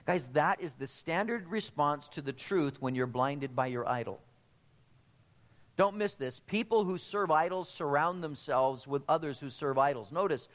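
A man's voice: on the high side, expressive, normal speed, in a large hall. A man preaching a sermon, speaking emphatically and addressing the congregation directly. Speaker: pastor.

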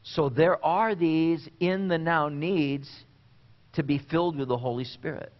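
A man preaching a sermon in an earnest way, with deliberate pauses and repeated phrases. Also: medium pitch, lo-fi sound. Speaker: pastor.

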